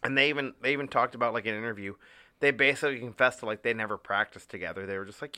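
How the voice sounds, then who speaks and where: A young man chatting on a podcast with a bright, forceful voice, recorded dry and close. He talks enthusiastically and swears freely. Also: mid-range voice, rapid-fire, no echo. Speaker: podcast co-host. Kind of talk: casual chat.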